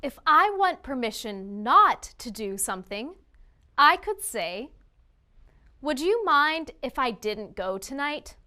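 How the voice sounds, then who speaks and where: Her voice is high, pushed, and bright, and she sounds very animated as she works through a scripted grammar lesson. Pitch jumps around constantly, and each example phrase gets a slow, clear, emphatic reading from this teacher.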